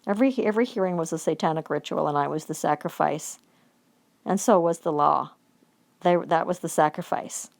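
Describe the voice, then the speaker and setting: A woman's voice: low-pitched, brisk, creaky. Woman, heated accusatory rant, heavy swearing, reads legal demands aloud. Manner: reads out formal demands between outbursts. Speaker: vlogger. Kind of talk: angry profane rant.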